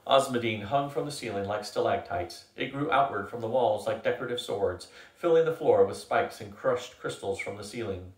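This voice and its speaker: An older man reading a novel aloud in a steady, measured way. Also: on the low side. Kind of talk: book reading. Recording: echoey room, from a distance.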